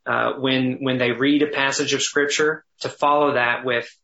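A man teaching thoughtfully in conversation, often pausing, restarting and slowing down to dwell on phrases. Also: mid-range voice, little pitch movement, creaky, bright, forceful tone, muffled recording, slight background noise. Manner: thoughtful, halting with restarts, slows to savor phrases. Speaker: guest teacher on biblical counseling.

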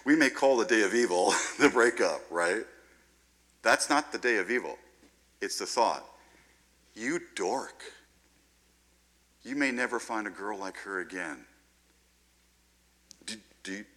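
Low-voiced male preacher, bright tone. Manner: animated, conversational, often asks "right?". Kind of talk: sermon.

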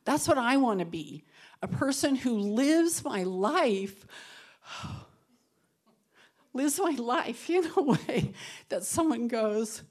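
A woman's voice: fairly high pitch, lively intonation, takes it slowly, long pauses. Earnest, emotional woman giving a devotional. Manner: emotional, tearful at times, laughing through tears; earnest and conversational, shifting between soft and loud. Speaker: women's Bible study speaker. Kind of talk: personal devotional talk with prayer.

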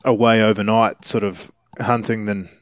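A man hosting a casual interview, asking relaxed and encouraging questions. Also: lowish voice, moderate pace, dry recording, studio quality. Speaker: podcast host.

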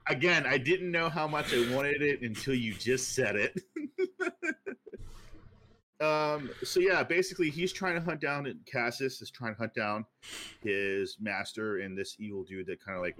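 A man's voice: medium pitch, animated, moderate pace, sharp tone. A man co-hosting a podcast who talks in a casual, rambling way, with many fillers and restarts. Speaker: podcast co-host. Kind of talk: casual chat.

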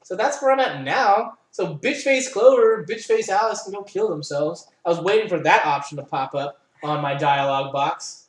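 A young adult speaker telling a meandering, expletive-heavy story in a casual chat, every sentence propped up with "like". The voice sits at a middling pitch. The recording carries a roomy echo. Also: normal speed, few pauses. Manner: rambling storytelling, heavy swearing and "like".

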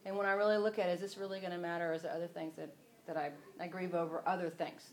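A woman's voice: on the low side, level tone, racing. A woman teaching from the Bible in a casual, rambling devotional style. She often breaks off and restarts her sentences. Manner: chatty, rambling, self-interrupting.

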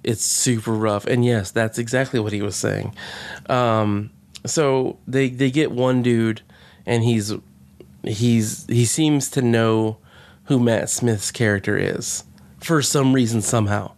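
A man casually recapping a movie with sarcasm and profanity, mocking its lines in quick impressions. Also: mid-range voice, fairly even intonation, darkish tone. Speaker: podcast co-host. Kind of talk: casual movie review chat.

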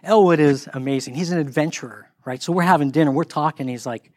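A man's voice: quick pace, no room sound. A middle-aged man telling a casual story, acting out the people he quotes. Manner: animated, acts out quoted voices in higher pitch.

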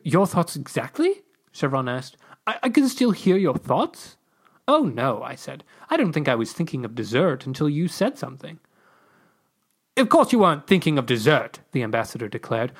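A man reading his own comic story aloud with exclamations and character voices. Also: breathy edge. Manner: animated, exclaiming, pitch leaps on quoted lines.

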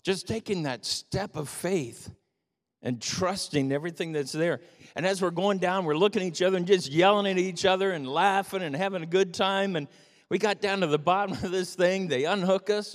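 Older male pastor, animated sermon, slightly high voice, reverberant sanctuary. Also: fairly quick. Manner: animated storytelling, rising to emphatic peaks. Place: church sanctuary. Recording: long reverb of a church hall.

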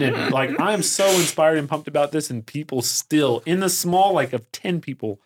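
A man talking as a podcast guest in a casual, energetic way, full of fillers and restarts. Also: medium pitch, normal speed, few pauses, slight background noise. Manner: energetic and excitable, heavy use of "like" and fillers. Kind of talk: casual conversational storytelling.

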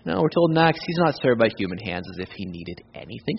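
A male pastor, preaching an animated sermon that moves between loud emphasis and hushed intensity. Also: medium pitch, fast talker, vocal fry, slight background noise. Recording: dull audio with long hall reverb.

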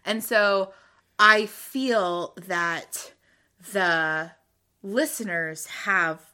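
Bright-voiced enthusiastic woman podcaster. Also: mid-range voice, extremely slow, clear, resonant tone. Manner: enthusiastic, explains at length, laughs often. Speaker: podcast co-host. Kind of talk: casual book-club chat.

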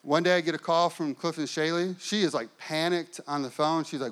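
A man preaching a sermon as pastor, telling a personal story with lively acted-out quotes. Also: on the high side, a little fast, few pauses.

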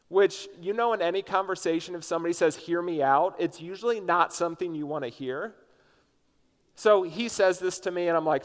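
A pastor from Indiana delivers a sermon that sounds like chatting with friends, full of "like" as he tells his story. His voice sits a little high for a man. A long reverb trails every phrase from the large hall he speaks in. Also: moderate pace. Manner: casual storytelling, frequent "like" fillers. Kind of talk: conversational sermon.

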